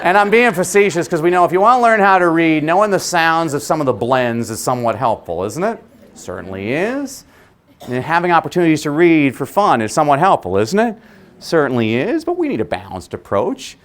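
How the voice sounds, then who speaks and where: A man giving a motivational keynote to an audience of teachers, with an animated, humorous, punchy delivery. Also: a little high, fairly quick. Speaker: keynote speaker. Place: conference venue before a live audience.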